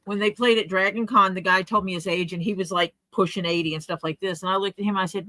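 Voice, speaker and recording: A podcast co-host with a bright, forceful voice, telling anecdotes in relaxed, talkative chat. The voice comes through a speaker, and the sound stays dry with no room echo. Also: medium pitch, fast, few pauses. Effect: coming through a speaker. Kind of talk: casual chat.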